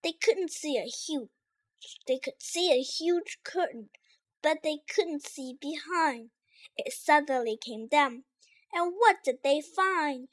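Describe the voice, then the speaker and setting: A woman reading a rhyming storybook aloud in a lively, expressive way. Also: sits high, slow, poor audio.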